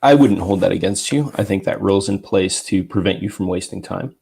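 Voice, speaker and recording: A man appearing as a guest rules judge, explaining fairness rules in a measured, deliberate way. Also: low voice, vocal fry, a crowd in the background. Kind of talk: explanatory chat.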